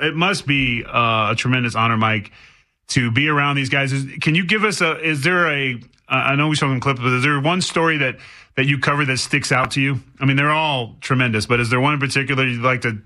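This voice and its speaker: A male radio host chats casually in a bright, forceful voice. He stumbles and restarts as he asks his questions. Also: mid-range voice, a little fast. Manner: chatty, stumbling over questions.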